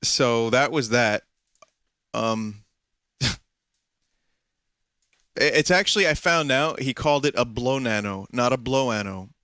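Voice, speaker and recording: A man's voice: mid-range voice, slow, pauses often, bright, forceful tone, clean tone, no room sound, studio quality. A man streaming a game, chatting casually with a loose, profane manner and frequent laughter.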